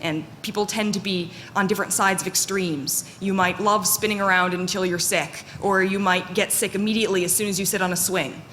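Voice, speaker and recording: A woman giving a live conference talk in a fairly monotone, candid and self-deprecating way, with plenty of fillers. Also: mid-range voice, a little fast, few pauses. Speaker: conference speaker. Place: conference hall. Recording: echoey hall with faint noise.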